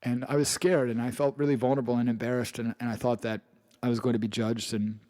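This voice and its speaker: A man's voice: mid-range voice, level tone, fast, warm tone, no echo. A man with an English accent narrating his own memoir audiobook, earnest and personal, with frequent restarts and repeated phrases.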